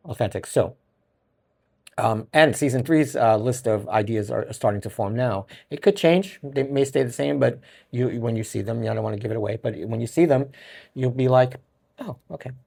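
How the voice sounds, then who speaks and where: A man's voice: on the low side, creaky, dark tone, husky. A middle-aged man with a Brooklyn accent hosting a casual solo podcast, rambling and often restarting his sentences. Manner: rambling, self-correcting, chuckles often. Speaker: podcast host.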